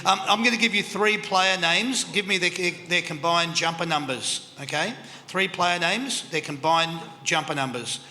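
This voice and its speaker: Running the quiz segment of a live panel show, this Australian host has a slightly high, sharp voice and a moderate pace. He's cheerful, talkative, and quick to laugh, speaking in a country club function room where the hall reverberates with crowd noise.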